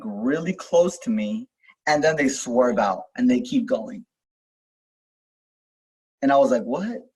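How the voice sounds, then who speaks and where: A man's voice: mid-range voice, darkish tone, breathy edge, poor audio. A young man telling a personal story in casual, rambling talk, full of fillers, restarts and swearing, as host of a self-help video.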